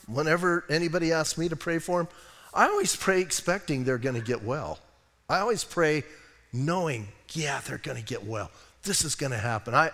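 An American man preaching a sermon as a pastor, expressive, moving between hushed moments and loud, emphatic stretches. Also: mid-range voice, long reverb tail. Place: church sanctuary.

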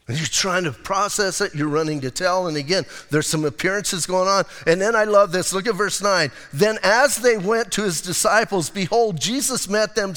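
A male pastor preaching a lively, conversational sermon and acting out quotes as he goes. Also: high-pitched, normal speed, hardly any pauses, big-room sound.

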